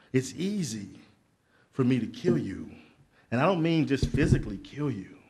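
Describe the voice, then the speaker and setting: A middle-aged man, giving a motivational speech to young people at a conference, preacherly and building to loud emphatic peaks with asides to the crowd. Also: on the high side, husky. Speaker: motivational speaker. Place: conference hall.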